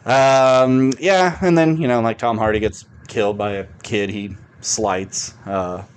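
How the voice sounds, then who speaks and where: A man's voice: mid-range voice, steady tone, measured pace, a little hiss or hum. A man hosting a podcast, chatting casually and bluntly about movies, rambling with frequent restarts. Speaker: podcast host. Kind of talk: casual movie review chat.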